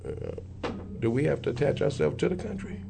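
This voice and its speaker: A man in casual chat who reacts with laughter and excitement. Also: fairly high pitch, moderate pace, vocal fry, background noise.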